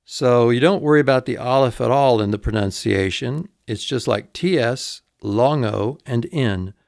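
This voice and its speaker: A man teaching vocabulary in a recorded lesson, repeating each word slowly and spelling it out letter by letter. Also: mid-range voice, vocal fry, a little mellow, no room sound, clean studio sound. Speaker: instructor.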